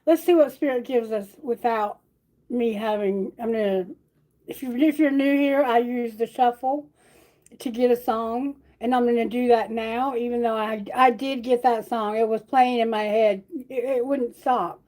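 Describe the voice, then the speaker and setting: A tarot reader on a casual livestream talks to her viewers in a chatty, affectionate way and sings song lyrics herself. Her voice is on the high side and a little mellow, with fairly even intonation and a moderate pace. The recording is rough.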